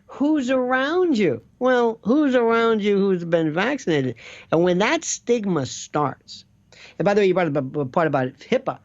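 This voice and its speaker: A guest commentator with a high voice rambles animatedly on a casual talk show, hopping between thoughts and slipping into quoted voices. He speaks at normal speed, and the sound is lo-fi.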